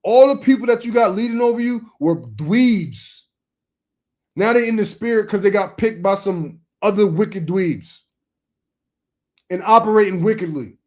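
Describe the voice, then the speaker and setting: A young man with a high-pitched voice preaches informally straight to his listeners. He talks in an emphatic, streetwise way, stacking short repeated phrases to drive each point home. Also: lively intonation, unhurried, a little mellow.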